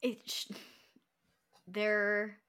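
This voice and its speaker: A woman's voice: mid-range voice, monotone, extremely slow, smooth. A young woman hosting a book club chat, reading quotes aloud, laughing and getting emotional as she talks. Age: young adult. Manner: emotional, warm-hearted, laughs often, reads quotes aloud. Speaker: book club podcast host. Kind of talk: casual chat.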